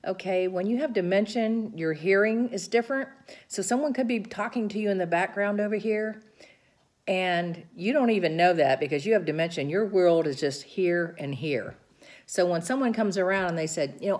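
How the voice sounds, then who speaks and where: A middle-aged woman with a slightly low voice, passing on what she learned at a caregiving seminar. She talks informally and earnestly, walking through tips and describing hand gestures as she speaks. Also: moderate pace, a little mellow. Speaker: caregiver sharing seminar notes. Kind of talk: informal talk recounting a seminar.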